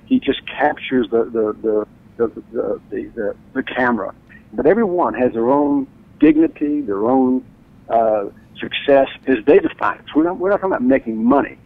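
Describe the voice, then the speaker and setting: A man tells stories as a radio guest, his voice leaping up and down as he acts out what others said. There's a gravelly grain to his voice. The sound is dry and tinny, as if heard over a phone line. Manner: enthusiastic storyteller, acts out quotes with big pitch jumps. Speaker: author and guest. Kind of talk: animated radio interview storytelling.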